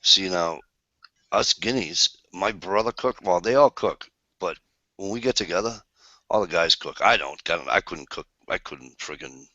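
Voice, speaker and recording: A man's voice: low voice, expressive, normal speed, sharp tone, no echo. A man telling a rambling, swear-laced story in casual chat. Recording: dull lo-fi sound.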